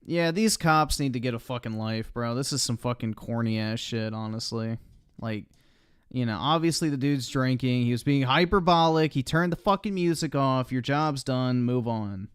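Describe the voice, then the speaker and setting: A male streamer chats casually about what he is watching, blunt and full of profanity. His voice is smooth and clear, picked up dry and close to the mic. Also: medium pitch, moderate pace, dry recording. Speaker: streamer reacting to videos. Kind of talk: casual chat.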